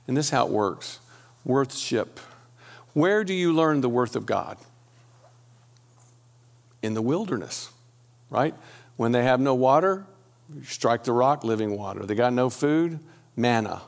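Middle-aged male church teacher; gravelly, conversational delivery with frequent pauses. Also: mid-range voice, animated. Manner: conversational, pauses with fillers and restarts.

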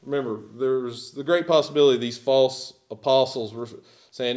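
A man's voice: mid-range voice, normal speed, darkish tone. A man preaching a sermon as pastor, emphatic and at times sarcastic.

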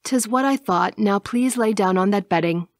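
A woman voicing a dark, courtly male vampire stranger who speaks in soft, measured, archaic phrases in an audiobook. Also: mid-range voice, dry recording, studio quality, close to an everyday voice. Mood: commanding. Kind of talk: audiobook character voice.

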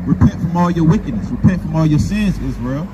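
A street preacher with a fairly high voice, animated and a little fast, scolds listeners at a gas station and demands that scripture be read. His manner is confrontational and repetitive, with call-and-response, captured in a noisy outdoor recording.

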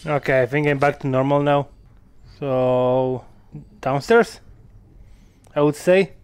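A man giving casual gameplay commentary, excitable, swearing and laughing often with sudden loud outbursts. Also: mid-range voice, slow pace, clear, resonant tone. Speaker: gamer.

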